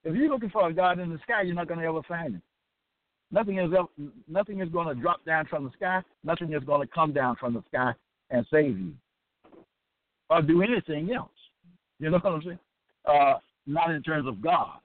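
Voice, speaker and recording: Man preaching in a lecture style, raised pitch, dead dry room, repeats questions and says "okay?" a lot. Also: moderate pace, dry recording. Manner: repetitive rhetorical questions, frequent "okay?". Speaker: religious teacher. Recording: tinny dry phone-line sound.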